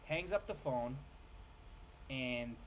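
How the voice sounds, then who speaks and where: A man ranting casually about a film, rambling, swearing and tripping over names as he gets excited. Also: mid-range voice, slow, a little hiss or hum. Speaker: film reviewer. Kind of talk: casual rant review.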